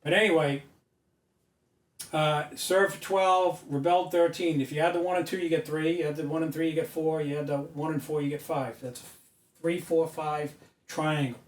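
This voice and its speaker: Standing at a whiteboard in an indoor room, a man lectures emphatically and preachily, rising to loud insistence. His voice is a little high with fairly even intonation and a moderate pace. A distant camera mic picks him up, so the room sounds echoey.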